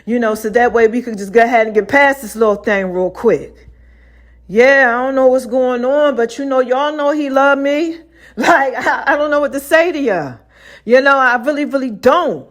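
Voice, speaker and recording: A woman with a fairly high voice hosts her own podcast in a relaxed solo monologue. She talks loosely in slang and laughs often. She acts out the other voices in her stories herself. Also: normal speed. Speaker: podcast host.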